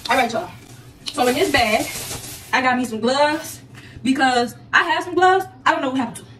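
High-voiced chatty young woman vlogging. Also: normal speed, fairly bright tone. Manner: chatty, talks straight to viewers, slangy. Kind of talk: casual haul vlog. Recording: echoey room, distant mic, faint noise.

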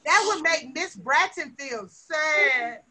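A woman's voice: high voice, expressive, slow pace, background noise. A woman teacher leading a lesson with young children, coaxing them along with lots of questions.

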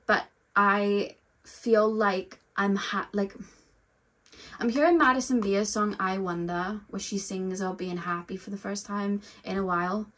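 A woman's voice: medium pitch, steady tone, measured pace, a bit bright. A young woman giving a casual tarot reading, talking in a loose, rambling way and often saying "like" and "I feel like". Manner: rambling, heavy use of "like" and "I feel like". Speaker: tarot reader.

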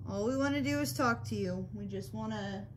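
A woman's voice: mid-range voice, a little fast, a little hiss or hum. Patient woman coaxing spirits. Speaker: paranormal investigator. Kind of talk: calling out to spirits during a ghost hunt. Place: old hotel interior.

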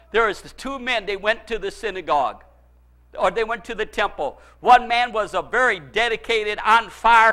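A male pastor preaching a fervent sermon, dropping to low asides and then shouting pleas, with chuckles between lines.

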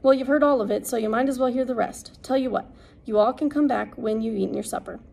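A woman voicing a tired, measured lawyer speaking to his children. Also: fairly high pitch, vocal fry, a little mellow. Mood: weary. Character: tired, weary lawyer father, middle-aged man.

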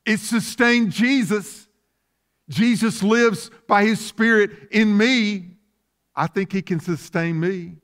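A man's voice: high voice, slow, a bit bright. A man preaching a sermon as pastor, asking fervent rhetorical questions.

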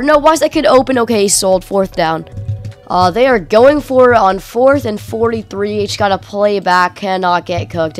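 A woman giving slangy, excitable play-by-play while she plays a football video game, dropping to low mutters and jumping to sudden yelps. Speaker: gaming YouTuber. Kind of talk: live gameplay commentary.

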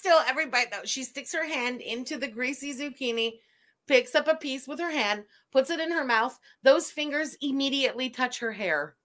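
A woman's voice: high voice, moderate pace, fairly bright tone. A woman host giving sarcastic, disgusted reaction commentary over a video.

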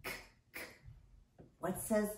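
Kinder teacher lady doing phonics online, slow and sing-song on the letters, roomy echo, bit far from the mic. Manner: slow, sounding out letters with bright exaggerated emphasis. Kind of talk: online phonics lesson for young children. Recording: echoey room, a bit off-mic.

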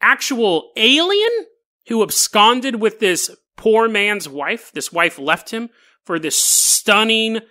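A man's voice: high voice, big pitch swings, slow, bright, forceful tone. A man hosting a casual storytelling podcast, joking and laughing through wry asides. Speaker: podcast host.

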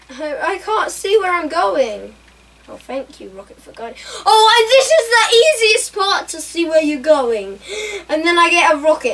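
A woman reacting out loud while playing a racing game, laughing and exclaiming often. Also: very high-pitched. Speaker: gameplay streamer. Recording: mic a bit far off, faint room noise.

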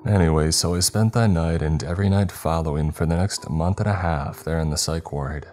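A man narrating a first-person horror story in a measured storytelling manner, over faint music. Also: a bass voice, a little mellow.

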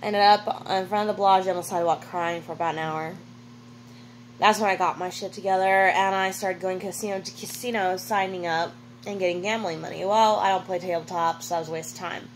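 A woman talks straight into the camera in a hotel room, swearing freely as she recounts a rough stretch of travel. She keeps stopping to correct herself mid-sentence. A faint hum sits under her voice the whole time. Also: on the low side, steady tone, a little fast, rough recording. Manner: blunt and profane, with self-corrections. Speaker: vlogger. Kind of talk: casual storytelling monologue.

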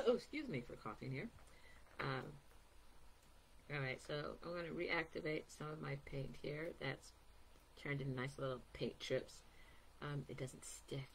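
An artist gives a casual live painting demo from her table at home, chatty and rambling with many ums. Her voice is low-pitched and measured, with vocal fry, and a little hiss or hum runs underneath.

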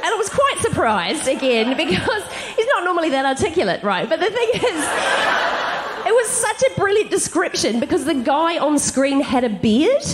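A middle-aged woman comedian telling stand-up stories to a live audience, giggly and animated with quick asides. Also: sits high, a crowd in the background. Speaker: comedian guest. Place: comedy venue stage before a live audience.

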